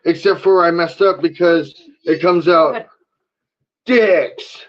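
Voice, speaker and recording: A man hosts a casual home talk show, his voice sitting a little high for a man. He talks loosely, rambling and full of slang. The sound is dull and lo-fi. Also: fairly even intonation, moderate pace. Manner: laid-back, rambling with slang. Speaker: podcast host. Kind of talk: casual chat.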